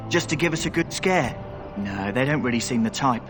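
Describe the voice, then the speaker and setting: A man voicing a roguish young thief in a fantasy game, sly and cocky. His talk is loose and chatty, at an ordinary pitch for a man, with game music playing clearly underneath. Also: lively intonation, a little fast, close to an everyday voice.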